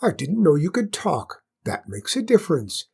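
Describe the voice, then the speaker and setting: A man voicing a spoiled, bad-tempered queen who shouts in a shrill, haughty way. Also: huge pitch swings, normal speed, vocal fry, husky, heavily acted. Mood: imperious.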